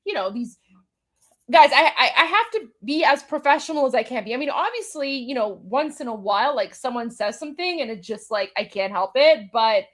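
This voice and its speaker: A woman's voice: high-pitched, animated, fairly quick, fairly bright tone. A woman hosting a live commentary show, reacting to a clip with incredulous, exasperated asides. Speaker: host.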